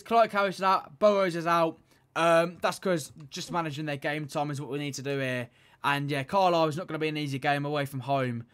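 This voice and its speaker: Gaming creator, man, high-pitched, excitable play-by-play that jumps between mumbles and shouts. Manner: excitable, swings from muttered pleading to loud shouting. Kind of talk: excited video game commentary.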